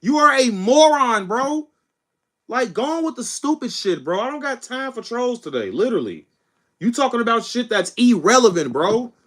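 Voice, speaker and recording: A man's voice: extremely high pitch, very animated, normal speed, a bit bright. A man hosting a political livestream, ranting at chat in a scornful, insulting way and tacking "bro" onto his lines. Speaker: livestream host. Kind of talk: heated political livestream rant.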